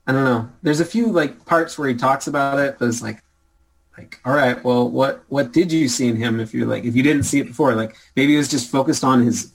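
A man hosting a casual film chat, hesitant and halting, often breaking into laughter. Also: mid-range voice, rough recording.

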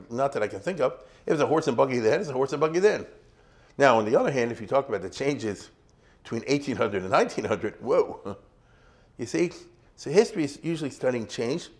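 Animated man giving a chatty lecture. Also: medium pitch. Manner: conversational, asks listeners rhetorical questions. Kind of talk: informal lecture.

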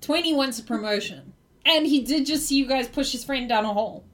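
A woman running a tabletop game, narrating the scene in a lively, giggly way. Her voice sits high and bright, and her delivery stays playful throughout. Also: fairly quick. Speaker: game master.

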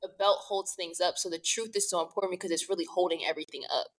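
A woman's voice: lowish voice, fairly even intonation, fast, low-quality recording. A young woman hosting a podcast, talking casually and peppering her speech with "like". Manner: casual, filler-heavy with "like". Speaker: podcast host.

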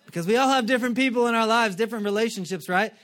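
A male pastor giving a lively, joking sermon and acting out quick character voices. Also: very high voice.

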